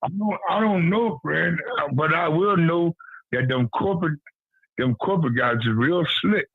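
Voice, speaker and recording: A man with a fairly high, husky voice comes through a tinny, dry phone line. He talks bluntly and keeps repeating his point in casual street slang. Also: normal speed, dry recording. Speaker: guest on a boxing talk show.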